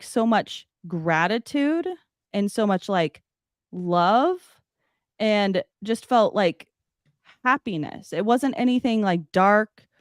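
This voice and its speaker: A woman telling a personal story as a podcast guest, animated and loose, with many "like" fillers. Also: medium pitch, no echo, clean studio sound. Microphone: podcast studio mic.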